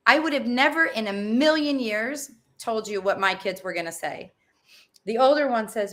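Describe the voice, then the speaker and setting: A middle-aged woman, a guest on a parenting interview, telling stories in a lively, animated way. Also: a little high, moderate pace. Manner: animated storyteller. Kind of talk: casual interview.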